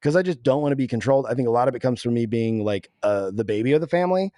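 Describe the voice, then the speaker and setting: A man co-hosting a podcast, animated and chatty, telling stories with quick asides. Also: mid-range voice, no echo, studio quality. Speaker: podcast co-host. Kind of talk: casual chat.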